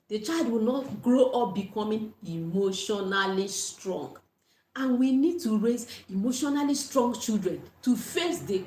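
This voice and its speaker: A woman giving an earnest parenting talk on a livestream, repeating her key points and blessing her viewers. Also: fairly high pitch. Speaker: parenting coach. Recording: echoey room.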